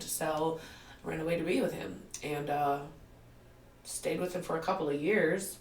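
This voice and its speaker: A woman's voice: low-pitched, moderate pace, slight background noise. A woman in her forties telling her life story as a podcast guest, laughing often and acting out what people said. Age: 40s. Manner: animated storyteller who acts out quotes and laughs often. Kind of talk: casual storytelling in an interview. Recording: roomy, distant mic.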